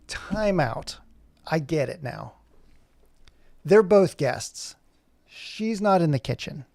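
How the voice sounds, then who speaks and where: A man with a fairly high, gravelly voice chats on a live stream, rambling and thinking aloud as he clicks through his software. His tone is jokey and self-mocking, and the sound is close and dry. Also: lively intonation, slow pace, long pauses, no echo. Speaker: animator streaming his work. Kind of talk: casual live-stream chat.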